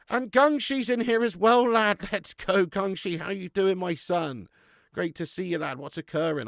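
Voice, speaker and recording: A man's voice: medium pitch, vocal fry, no echo, studio quality. A man, hosting a casual live stream and bantering with viewers in a chatty, matey way, laughing often.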